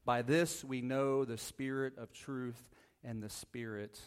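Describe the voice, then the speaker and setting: Casual pastor preaching with frequent "right?". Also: male voice, medium pitch, steady tone, slow pace, clear, resonant tone. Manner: casual, asks the congregation "right?" often, jokes lightly. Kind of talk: conversational sermon with Bible reading. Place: church sanctuary.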